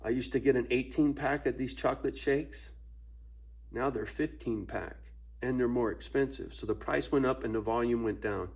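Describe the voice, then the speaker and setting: A man's voice: medium pitch, moderate pace, gravelly, darkish tone, husky. A man ranting casually to camera at home, profane and laughing often between points. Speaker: vlogger. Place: at home with his dog.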